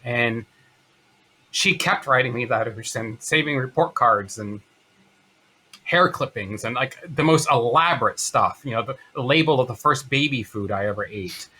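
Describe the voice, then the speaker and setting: A man in his fifties, an interview guest telling a personal story in an earnest, halting way. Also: medium pitch, bright, forceful tone, husky. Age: 50s. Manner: earnest, halting, many fillers and restarts.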